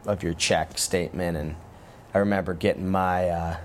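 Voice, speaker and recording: Deep-voiced man telling relaxed stories. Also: normal speed, a little hiss or hum. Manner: relaxed, rambling with frequent restarts. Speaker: guest, former pro football player. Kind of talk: casual interview storytelling.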